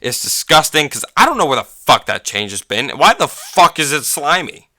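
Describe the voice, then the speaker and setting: A man with a fairly high, sing-song voice speaks at a moderate pace in a bright, forceful tone, with clean studio sound and no echo. Hosting his own casual solo podcast, he rambles from story to story, swearing heavily and filling gaps with fillers and laughs.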